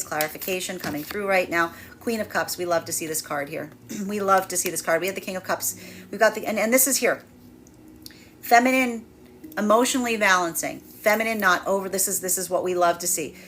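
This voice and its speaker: A woman's voice: on the low side, fairly bright tone, a little hiss or hum. A woman tarot reader giving a livestreamed collective reading, speaking in flowing, repetitive, emphatic phrases.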